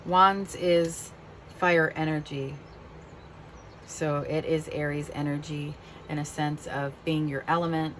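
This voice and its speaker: A woman in a casual tarot reading, speaking in a somewhat low voice and growing openly emotional. Her delivery is heartfelt, with a faint hiss of noise behind her. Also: fairly even intonation, slow pace, fairly bright tone. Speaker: tarot reader.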